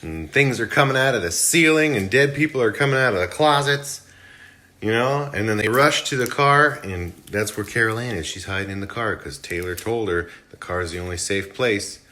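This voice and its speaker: A man casually recapping a film play by play, animated, slipping into mock voices for the characters. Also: fairly low pitch, moderate pace. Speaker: movie reviewer.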